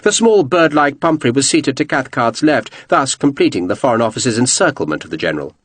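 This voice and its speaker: A man reading a historical novel aloud as audiobook narration, measured and expressive. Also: mid-range voice, no room sound.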